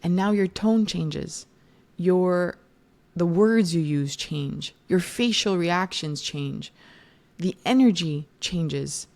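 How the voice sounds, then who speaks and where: A woman in her thirties hosts a solo podcast on parenting, her voice sitting on the low side. She talks in a loose, conversational way, stopping to correct herself, and puts on livelier tones when acting out what moms say. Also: lively intonation, slow pace, darkish tone. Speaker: podcast host and parenting educator.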